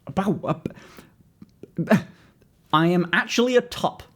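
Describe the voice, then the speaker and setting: A young man with a British accent and a fairly high voice talks casually to his stream. He is frank and self-mocking, and he often trails off and restarts his sentences. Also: slow pace. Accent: British English. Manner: candid, self-deprecating, rambling with restarts. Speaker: livestreamer. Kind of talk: casual livestream chat.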